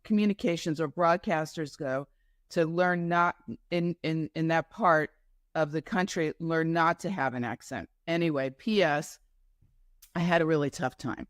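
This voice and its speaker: A New York woman, a guest entrepreneur, tells meandering stories in a casual interview, her low voice moving at a measured pace. She makes frequent asides and corrects herself often, and the recording sounds dry.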